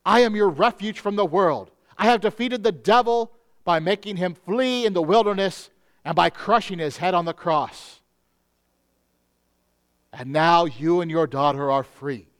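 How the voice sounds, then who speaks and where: A male pastor preaching a sermon in an earnest manner, slowing down on key phrases. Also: high-pitched, fairly bright tone, clean tone.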